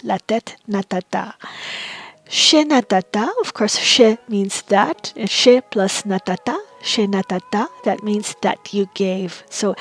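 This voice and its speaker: Woman, language teacher, slow careful delivery, patient, repeats words, faint music behind. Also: medium pitch. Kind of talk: slow vocabulary lesson.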